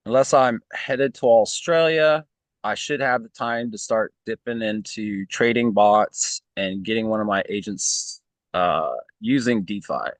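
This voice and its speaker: Man in a casual chat, slow deliberate pace, thinks aloud, dead-dry recording. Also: mid-range voice, fairly bright tone, dry recording. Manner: thinks aloud, frequent "um" and "right?".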